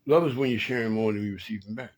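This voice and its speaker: A man's voice: fairly low pitch, very fast, low-quality recording. A man hosting a late-night talk, giving relationship advice in a preachy way, often repeating and restarting phrases. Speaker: host.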